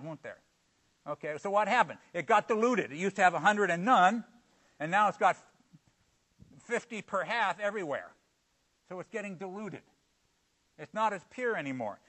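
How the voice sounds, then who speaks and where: Bright, high-voiced male preacher. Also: rough recording. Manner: lively, jumps between loud emphasis and quiet asides. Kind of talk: sermon.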